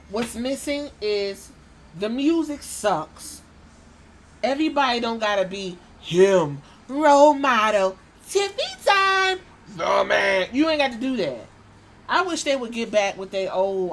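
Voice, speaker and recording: A woman's voice: mid-range voice, a little hiss or hum. A young adult woman hosting a podcast, ranting bluntly with profanity and slipping into mocking impressions. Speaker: podcast host. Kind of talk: casual opinion rant.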